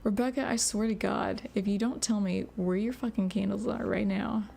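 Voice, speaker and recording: A woman's voice: mid-range voice, steady tone, normal speed, gravelly, mellow, slightly rough. A woman giving casual gameplay commentary with sarcastic, profane jokes. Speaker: gaming video host.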